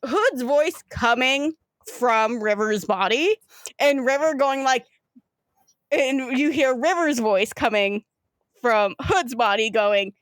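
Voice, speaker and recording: A woman's voice: fairly high pitch, takes it slowly, dry recording. A woman narrating a tabletop game as game master, giggly and rambling with many fillers.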